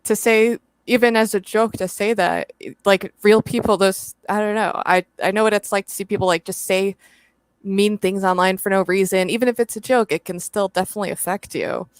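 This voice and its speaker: A woman's voice: medium pitch, steady tone, brisk, smooth, no room sound. A woman guest in a casual chat, answering thoughtfully with hesitant fillers.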